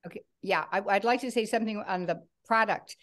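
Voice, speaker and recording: A woman on a group call giving a measured, thoughtful comment. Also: mid-range voice, fairly bright tone. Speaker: caller.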